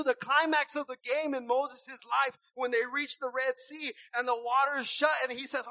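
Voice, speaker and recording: A woman preacher delivering a passionate sermon, repeating herself and swinging from soft asides to shouts. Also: high-pitched, steady tone, normal speed, hardly any pauses, no room sound, low-quality recording.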